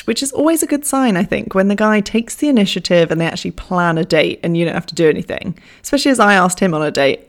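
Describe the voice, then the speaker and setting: A woman's voice: fairly low pitch, gravelly. A young woman telling a funny personal story in a chatty, self-mocking way, swearing freely. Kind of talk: casual anecdote.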